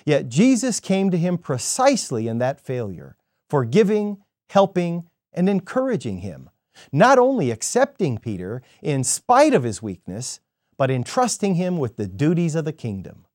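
A man giving a scripted devotional sermon in an expressive storytelling manner. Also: a little high, moderate pace, no room sound, clean studio sound. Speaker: devotional speaker.

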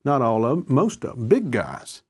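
A man's voice: medium pitch, wildly swooping pitch, moderate pace, husky. A man in a conversational discussion, telling earnest stories and repeating phrases for emphasis. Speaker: discussion guest.

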